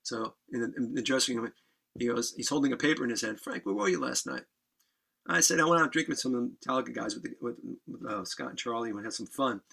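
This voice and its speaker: A man guest on a podcast, telling a wild story in a casual, animated way, swearing and laughing as he goes. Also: medium pitch, very fast, creaky, breathy edge.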